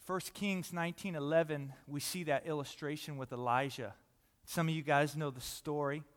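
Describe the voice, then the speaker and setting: A man preaching a sermon in a church hall, conversational and animated, dropping to a soft hush and rising loud again. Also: on the high side, moderate pace. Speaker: pastor. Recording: long reverb of a large hall.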